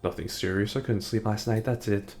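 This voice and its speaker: A man voicing a tired, reserved young man who talks low and subdued. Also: steady tone, a little fast, a little mellow, faint music behind, close to an everyday voice.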